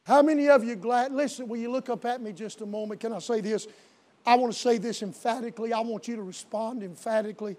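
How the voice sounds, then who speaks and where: A male pastor preaching a sermon in a church, swinging between shouted, drawn-out declarations and quieter, intimate appeals. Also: very high voice. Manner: shouting preacher cadence with slow emphatic punches. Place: church sanctuary. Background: soft piano.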